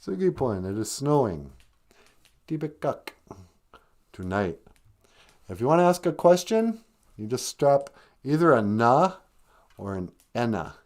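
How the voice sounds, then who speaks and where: A man's voice: mid-range voice, sing-song, a little slow, long pauses, a little mellow. A man hosting a casual live stream from home, joking and teaching words of a language, with faint guitar music behind. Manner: joking, self-mocking banter. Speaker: podcast host teaching Ojibwe words.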